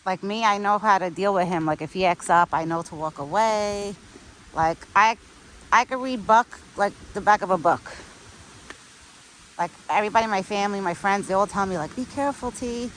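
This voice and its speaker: A woman's voice: mid-range voice, moderate pace, low-quality recording. Young pregnant woman, casual vlog chatter, mid-range voice, faint outdoor hiss behind her. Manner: chatty, sprinkles talk with "like", soft and affectionate. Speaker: vlogger. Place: outdoors on a windy cold day.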